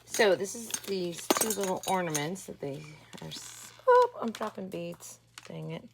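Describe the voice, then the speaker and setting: A woman's voice: lowish voice, unhurried, vocal fry. A woman hosting a casual crafting vlog from her home craft table, chatty and rambling. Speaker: craft channel host.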